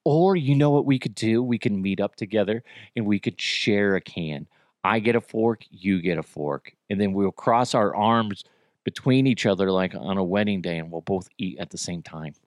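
A man's voice: lowish voice, moderate pace, no room sound, studio quality. A man in his thirties hosting a podcast in a goofy, jokey chat style, laughing often. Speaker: podcast host. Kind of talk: casual chat.

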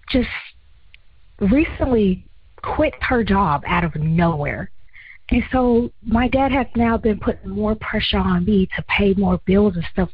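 A young woman leaves a friendly, slightly nervous message asking for advice. Her voice is husky and breathy, and the recording sounds muffled and completely dry. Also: medium pitch, no room sound. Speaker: caller. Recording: muffled, dry phone-quality audio.

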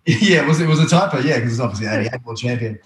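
Quick, casual male interviewer, roomy echo around his voice. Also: medium pitch, animated. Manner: swears casually, leads with questions. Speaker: interviewer, surf journalist. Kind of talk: conversational interview.

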